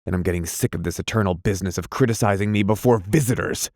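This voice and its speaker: A man reading aloud, playing a self-pitying, quick-tempered young husband who drinks, plaintive and flaring. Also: deep voice, a little mellow, no room sound, clean studio sound. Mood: angry. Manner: plaintive, flaring into weak anger.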